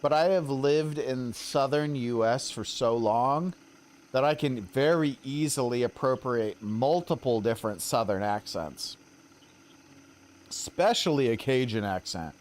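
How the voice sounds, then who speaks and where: A man's voice: medium pitch, lively intonation, a little slow, darkish tone. A young man with a Western American accent, chatting casually and rambling a little as he streams a game. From Colorado. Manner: rambling, chatty, self-deprecating.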